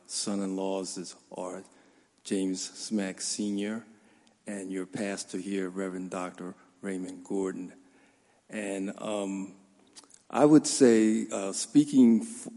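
A slow, measured man speaking in a church. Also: fairly low pitch, a little mellow. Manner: measured, formal speech with hesitant fillers. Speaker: son-in-law giving a eulogy. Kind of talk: funeral tribute speech. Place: large church sanctuary. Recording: long hall reverb.

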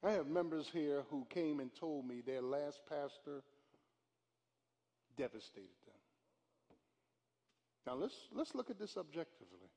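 An older man, a pastor, preaching a live sermon, dropping to hushed storytelling and then rising to loud shouts. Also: on the high side, sing-song, measured pace, pauses often. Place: church sanctuary. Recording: live church hall with long reverb.

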